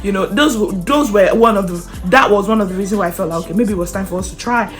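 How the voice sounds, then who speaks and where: A young woman vlogger telling a personal story in casual, animated chat, often breaking into laughter. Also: mid-range voice, rapid-fire, soft background music. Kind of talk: casual chatty storytelling to camera.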